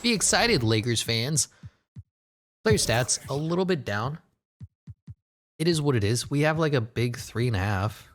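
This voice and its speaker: Excitable man narrating a basketball game. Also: medium pitch, a little slow, pauses often. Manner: excitable, swearing, jokey asides and laughs. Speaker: gaming commentator. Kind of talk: casual gameplay commentary.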